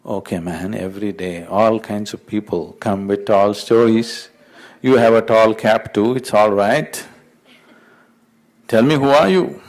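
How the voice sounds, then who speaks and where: A man's voice: fairly low pitch, measured pace, darkish tone. A man voicing Peter, an unimpressed gatekeeper at heaven's gate who talks in an offhand, dismissive way.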